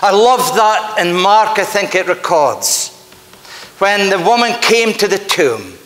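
A man's voice: sits high, lively intonation, takes it slowly, fairly bright tone. A man with a Scottish accent, a pastor preaching a sermon in an earnest, emphatic storytelling manner in a church. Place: church sanctuary. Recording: echoey church hall with long reverb.

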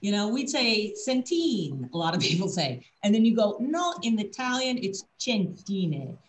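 A woman's voice: mid-range voice, lively intonation, a little fast, rough recording. Winery rep, woman, video-call wine tasting, enthusiastic and explanatory. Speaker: winery representative.

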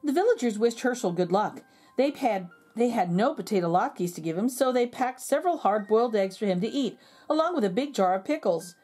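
A woman reading a children's picture book aloud in a slow, expressive storytelling manner. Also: a little high, slightly rough, soft background music.

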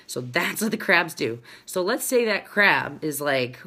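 Woman, thirties, low voice, chatty and rambling, fitness vlogger talking to followers. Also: lively intonation, moderate pace, sharp tone. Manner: chatty, rambling, reads viewer comments aloud. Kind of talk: casual chat to followers, live-streamed.

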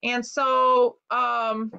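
This American woman, an author appearing as an interview guest, speaks in a fairly high, bright voice that is creaky, forceful and clean, with flat delivery and drawn-out words. Earnest and heavy on fillers, she relates a personal story by quoting what others said to her. The lo-fi recording sounds dull.

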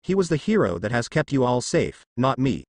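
A man's voice: medium pitch, sing-song, moderate pace, dry recording, studio quality. A man reading the lines of a wrathful male sun god and protective father, growling with cold fury. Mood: stern.

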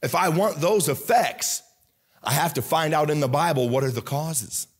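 A pastor preaching a sermon with a Midwestern American accent, shifting from low earnest talk to loud fervent bursts, often halting and restarting. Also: male voice, slightly rough. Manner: halting, many restarts and fillers.

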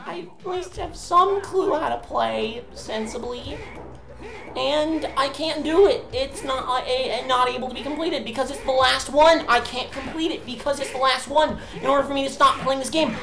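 A woman's voice: high voice, creaky, fairly bright tone. A woman giving gameplay commentary in an exasperated, ranting way, swearing often. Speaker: let's play host. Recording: roomy echo with game music behind. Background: game music.

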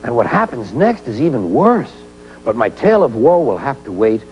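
A man narrating a storybook tale for a children's show, in an expressive, gentle way. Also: mid-range voice, normal speed, lo-fi sound, soft background music.

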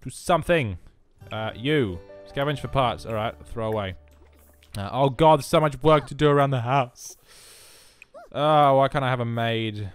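A man's voice: medium pitch, normal speed, clear, resonant tone, dry recording, faint music behind. A man giving rambling, self-mocking let's play commentary alone in his room, full of jokey asides. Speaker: gaming commentator.

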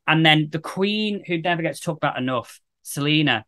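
A man's voice: fairly high pitch, lively intonation, moderate pace, fairly bright tone. A man hosting a podcast, chatting in a casual, jokey, rambling way with lots of enthusiasm. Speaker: podcast host.

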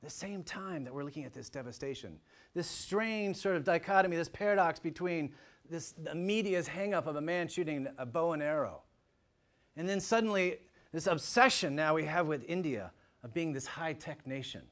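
A man giving a public lecture to a live audience, animated and emphatic, swinging from loud points to hushed asides. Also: on the high side, moderate pace. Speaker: guest lecturer.

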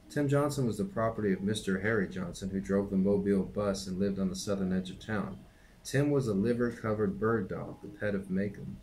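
Male reader narrating a novel, steady and unhurried, lowish voice. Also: slight background noise, poor audio. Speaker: reader and teacher. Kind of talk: reading a novel aloud.

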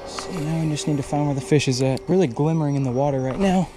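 A young fishing vlogger narrates his own trip at a creek by a bridge, filmed on a chest-mounted action camera with music in the background. His slightly high voice is excitable in this casual on-the-go commentary, and he swears freely whenever his line gets snagged.

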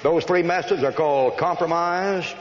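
Folksy preacher in an echoey hall. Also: male voice, fairly high pitch, a little hiss or hum. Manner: folksy, joking, rapid listing. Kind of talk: folksy sermon. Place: church hall. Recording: echoey lo-fi old hall recording.

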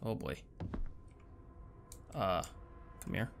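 A man's voice: deep voice, lively intonation, drawn-out words, vocal fry, noisy background. A man playing a horror game and talking to his viewers, nervous and jumpy, swearing and muttering to himself, with faint keyboard clicks. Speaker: gaming channel host. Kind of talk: horror game let's play commentary.

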